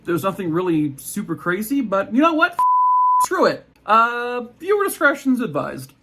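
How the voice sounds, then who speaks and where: A man's voice: sits high, sing-song, normal speed, over music. A man who makes true crime videos, talking in a joking, irreverent way, with swearing and asides. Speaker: true crime TikTok creator. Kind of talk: casual chat and comedic history narration.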